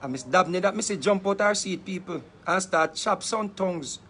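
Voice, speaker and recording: Jamaican man, high voice, animated storyteller, heavy patois, laughs a lot. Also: moderate pace, a little hiss or hum. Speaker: interviewee telling a story. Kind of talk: casual storytelling.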